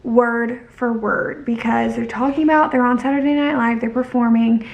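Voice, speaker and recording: Gravelly high-voiced woman rambling about a book. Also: fairly even intonation, moderate pace, lo-fi sound. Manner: rambling, heavy on fillers and restarts; emphatic, opinionated. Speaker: book vlogger. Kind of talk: casual book recap.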